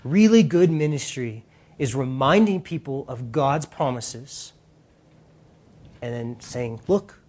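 A man preaching a sermon in an animated, casual way, using slang and acting out voices. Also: mid-range voice, slow pace.

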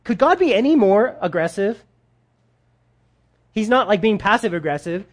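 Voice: medium pitch, animated, moderate pace, pauses often. Casual conversational Bible teacher. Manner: conversational, slangy, paraphrasing scripture in everyday speech. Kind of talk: casual sermon.

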